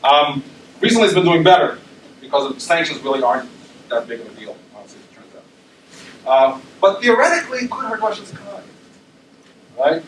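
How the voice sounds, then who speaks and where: A man's voice: fairly high pitch, very animated, a little fast, pauses often, a little hiss or hum. Man lecturing from far back in an echoey room. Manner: conversational, many ums and tag questions. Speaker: university lecturer. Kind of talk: academic presentation. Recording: roomy echo, speaker far from mic.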